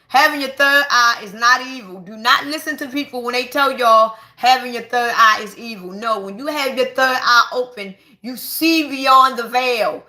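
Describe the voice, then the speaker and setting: A woman, giving an excited, emphatic spiritual monologue to her viewers and repeating herself for stress. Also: fairly high pitch. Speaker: spiritual vlogger. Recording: echoey room.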